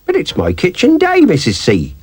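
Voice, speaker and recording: Old fussy granny, high lively voice, a man putting it on. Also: normal speed, breathy edge, dry recording, soft background music, exaggerated voice. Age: older. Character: elderly housekeeper grandmother, fussy.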